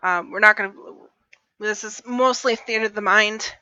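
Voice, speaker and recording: Woman, game master, bright close voice, casual online session. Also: medium pitch, steady tone, smooth, dry recording, muffled recording. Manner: casual, quick asides while running the game. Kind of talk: narrating a tabletop game.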